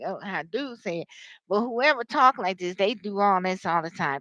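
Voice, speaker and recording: A woman giving a live tarot reading, talking to viewers in an animated, slangy way. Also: medium pitch, normal speed, no room sound, dull audio. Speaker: tarot reader.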